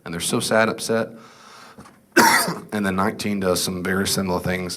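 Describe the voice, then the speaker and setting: A man's voice: low-pitched, fairly even intonation, moderate pace, pushed and bright. A middle-aged man teaching a casual Bible class, reading scripture aloud and asking the class questions he then answers himself. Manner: conversational, asks the class questions and answers them.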